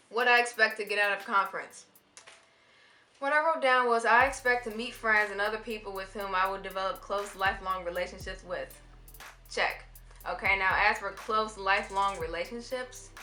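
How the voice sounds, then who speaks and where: A young woman chatting to her camera with a bright, forceful voice that carries. She tells her story in a lively way and acts out what she said. The room is echoey, and faint music plays behind her. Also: mid-range voice. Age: young adult. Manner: chatty, animated, acts out her own quotes. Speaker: vlogger. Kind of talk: casual vlog storytelling.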